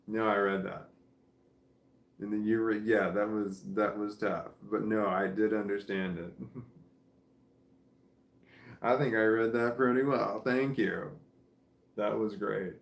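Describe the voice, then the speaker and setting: A man's voice: fairly low pitch, takes it slowly, vocal fry, pauses often. A man hosting a live stream, reading viewer comments aloud in casual chat and chuckling often. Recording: echoey room.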